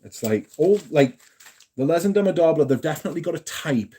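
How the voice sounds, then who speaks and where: A man's voice: fairly high pitch, expressive, a little fast, dark tone, slightly rough. A young man hosting a casual live stream, chatting in a jokey way and reading out messages from the chat. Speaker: livestream host.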